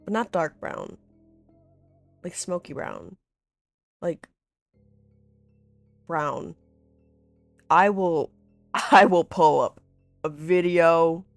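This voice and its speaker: Woman vlogger, deep for her sex, unhurried, casual and chatty, faint music behind. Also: creaky, no echo. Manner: chatty and rambling, full of "like", with laughs and swearing. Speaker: vlogger recapping a horror series. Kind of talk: casual chat.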